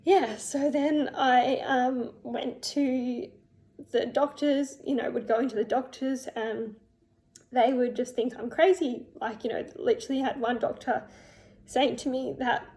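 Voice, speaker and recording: A young woman telling her personal story in a vlog, emotional and halting, with many fillers and restarts. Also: high-pitched, steady tone, darkish tone. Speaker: vlogger.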